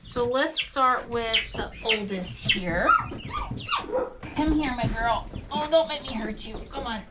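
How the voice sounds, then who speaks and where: A woman's voice: on the high side, slow. Chatty woman in a noisy barn. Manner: chatty, rambling explanations. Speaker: goat farmer. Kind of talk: casual how-to farm vlog. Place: barn feed room. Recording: farm noise with clucking chickens.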